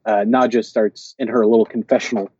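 Mellow-voiced man recapping a show. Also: on the low side, level tone, brisk, slightly rough, no echo, lo-fi sound. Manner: rambling, quotes characters in raised voices. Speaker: podcast co-host. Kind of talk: casual chat recapping a TV episode.

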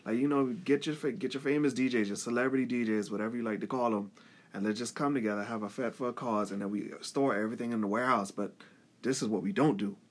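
A man's voice: mid-range voice, fairly even intonation, fast. A man in a casual podcast chat who talks persuasively and lays out plans.

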